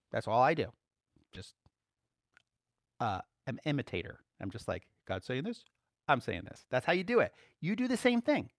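A man's voice: fairly high pitch, a bit bright, no room sound, studio quality. A man preaching a sermon in a conversational way, often checking in with his listeners and rising to emphatic bursts. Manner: frequent rhetorical check-ins. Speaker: pastor.

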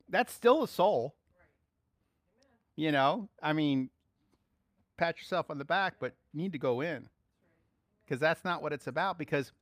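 A man preaching a sermon, swinging between soft, quiet asides and loud, excited exclaiming. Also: a little high, no room sound.

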